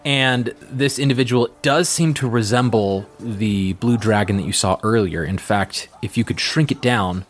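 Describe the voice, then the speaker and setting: A man narrating as the game master of a tabletop game, describing scenes in a relaxed way with frequent fillers. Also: lowish voice, slight background noise.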